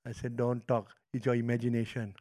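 A middle-aged pastor with a Malaysian English accent preaches a sermon, telling stories animatedly as his volume swings from loud to hushed. His voice is medium-pitched and brisk.

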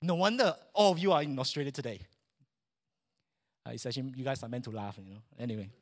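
A man preaching a sermon in church, animated and joking with the congregation. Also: medium pitch, quick pace. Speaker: pastor.

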